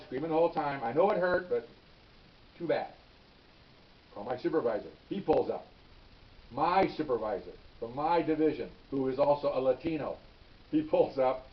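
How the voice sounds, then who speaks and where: Older ex-cop telling a story from afar. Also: male voice, mid-range voice, expressive, moderate pace, pauses often. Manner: plain-spoken, repeats words, checks in with "okay?". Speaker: retired police officer. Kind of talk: casual spoken storytelling. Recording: distant, dull lo-fi recording.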